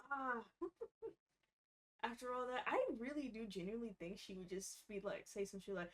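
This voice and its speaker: Woman player in a tabletop game, higher voice, excitable and laughing, swears a lot. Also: moderate pace. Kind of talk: casual tabletop play.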